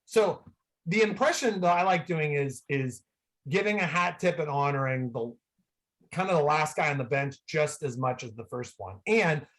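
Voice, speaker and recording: A man from the San Francisco Bay Area, a guest on a video call, telling rambling, excitable stories full of "like" fillers. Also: a little high, moderate pace. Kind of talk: casual storytelling.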